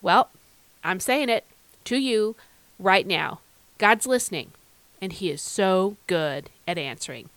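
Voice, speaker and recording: A woman hosting a devotional podcast, talking earnestly and conversationally, asking listeners direct questions and slowing down to read verses with emphasis. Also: mid-range voice, animated, fairly bright tone, no room sound. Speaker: podcast host.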